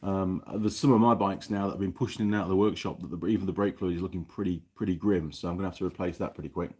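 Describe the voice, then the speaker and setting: Husky, chatty New Zealand bloke. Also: male voice, low-pitched, fairly even intonation, very fast, a little mellow. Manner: rambling, chatty, reads viewer comments aloud. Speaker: mechanic live-streamer. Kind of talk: casual live-stream chat. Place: home workshop.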